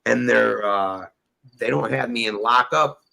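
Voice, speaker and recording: A man's voice: mid-range voice, unhurried, vocal fry, pushed and bright, low-quality recording. A man telling a rambling, profane story in casual chat, acting out the dialogue he quotes. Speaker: storyteller guest.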